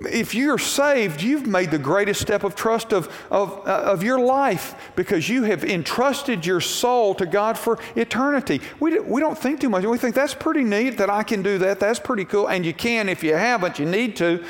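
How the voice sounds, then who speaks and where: A man's voice: high-pitched, animated, normal speed, few pauses. A male pastor preaching a sermon, telling homey stories and acting out the voices in them. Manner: folksy storytelling preacher, acts out voices in quotes. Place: church sanctuary. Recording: long reverb of a church hall.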